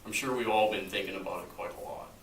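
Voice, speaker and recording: A man's voice: low-pitched, fast. A man in a group discussion, talking casually and trailing off with hedges. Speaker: group member. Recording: echoey room from far off, faint noise.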